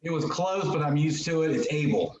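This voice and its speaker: A man's voice: fairly high pitch, fairly even intonation, brisk, darkish tone. A man appearing as a guest on an interview show, answering in an easygoing way over a remote call. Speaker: guest musician. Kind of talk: casual interview chat. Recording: roomy, dull remote call audio.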